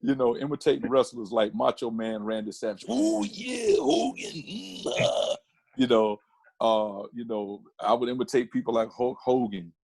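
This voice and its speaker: A man talking as a podcast guest, his voice husky and his delivery animated, often restarting mid-sentence. The sound is close and dry, with no room around it. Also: medium pitch, normal speed, no echo. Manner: animated storyteller with many restarts. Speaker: podcast guest, comedian and photographer. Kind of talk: casual interview chat.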